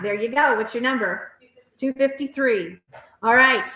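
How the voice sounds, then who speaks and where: A woman auctioneer calling bids at a live auction in a rapid, repetitive chant, with chatty asides about the pieces. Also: fairly high pitch, bright, forceful tone. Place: auction house hall. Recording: roomy echoey hall.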